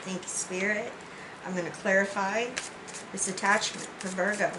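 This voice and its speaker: A woman's voice: medium pitch, flat delivery, normal speed, noisy background. A woman giving a spiritual tarot reading, speaking in an earnest, heartfelt way with many restarts. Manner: earnest, heartfelt, often says "you know". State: emotional, near tears. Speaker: tarot reader.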